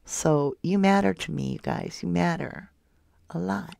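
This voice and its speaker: A soft-spoken woman hosting a true crime livestream, reading viewer comments aloud and calling her viewers love and honey. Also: lowish voice, measured pace, gravelly, no room sound, clean studio sound. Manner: affectionate toward viewers, calls them love and honey. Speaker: true crime channel host.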